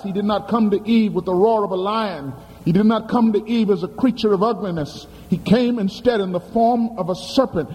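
Brief: male preacher, animated sermon with sudden swoops in pitch, calls to the congregation, mellow tone, echoing church hall. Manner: dramatic storytelling with sudden leaps in pitch. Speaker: pastor.

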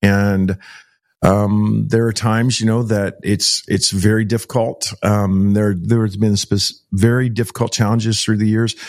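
A middle-aged man from Texas, telling stories in an interview and acting out the dialogue. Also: on the low side. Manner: animated storyteller, acts out quoted dialogue. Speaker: child rescue organization founder. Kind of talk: storytelling in an interview.

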